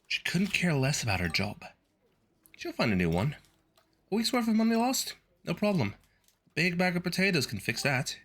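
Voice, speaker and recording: A man's voice: high-pitched, sing-song, moderate pace, pauses often, fairly bright tone. Wry man reading game text aloud. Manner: wry, sardonic. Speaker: streamer.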